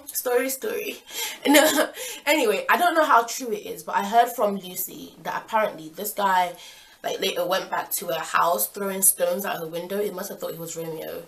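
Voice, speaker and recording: A young woman tells a casual storytime vlog in a chatty, animated way, now and then jumping into loud outbursts. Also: fairly low pitch, fairly quick, vocal fry, slight background noise. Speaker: vlogger.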